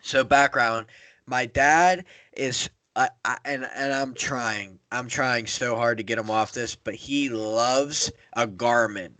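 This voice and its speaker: A young man spins a rambling road story in casual podcast chat, swearing freely and getting animated as he goes. His voice sits at an ordinary middle pitch, recorded dry and close with little room sound. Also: slow, no echo. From Pittsburgh area. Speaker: podcast host.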